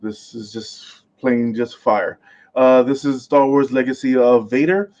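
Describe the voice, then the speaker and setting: Male podcast co-host, mid-pitch, laughs through a comics rundown, slightly muffled lo-fi mic. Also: a little slow, darkish tone. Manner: stumbles over names, laughs often. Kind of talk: casual podcast chat.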